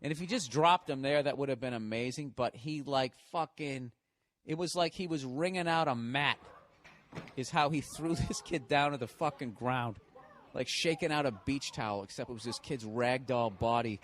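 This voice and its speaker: A man's voice: mid-range voice, normal speed, a bit bright, slight background noise. A middle-aged man, hosting a podcast in a profane, ranting monologue that breaks into laughter. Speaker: podcast host. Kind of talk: casual monologue.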